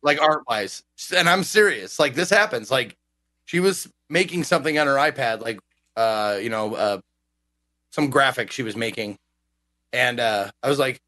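Bright rambling man, casual co-host. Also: mid-range voice, lively intonation, moderate pace. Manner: rambling, many restarts and fillers. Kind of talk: casual podcast chat.

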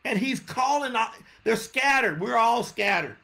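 A man teaches a sermon. He talks in an animated, conversational way, often stopping to ask his listeners questions. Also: very high voice, a little slow, creaky. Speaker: preacher.

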